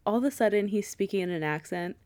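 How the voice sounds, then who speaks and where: A woman's voice: mid-range voice, fast talker, darkish tone. Female podcast co-host, mid-range voice, loose and profane in casual banter. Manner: reactive, swears freely, laughs easily. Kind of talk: casual chat.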